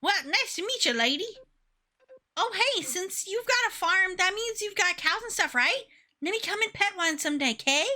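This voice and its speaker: A woman's voice: extremely high pitch, lively intonation, moderate pace, pushed and bright, pitched above the performer's own voice, exaggerated voice. A woman doing a chirpy young village boy. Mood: cheerful. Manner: eager, chirpy child voice. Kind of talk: streamer reading game dialogue.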